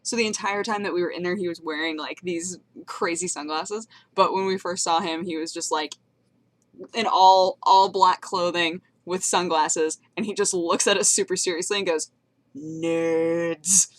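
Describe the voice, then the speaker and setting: A woman's voice: fairly low pitch, fairly even intonation, normal speed, no echo. Bubbly young woman vlogging. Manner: bubbly, rambling, giggly storytelling with playful voices. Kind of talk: casual chat to camera.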